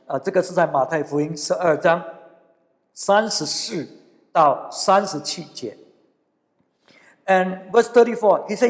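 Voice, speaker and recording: A man preaching a bilingual sermon, earnest, repeating phrases and reading scripture slowly. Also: high-pitched, lively intonation, big-room sound.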